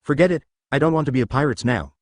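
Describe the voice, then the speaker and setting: A man reading the lines of a calm, clever young hero in his own narrating voice, level and matter-of-fact. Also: mid-range voice, fast talker, dry recording, natural voice. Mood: firm.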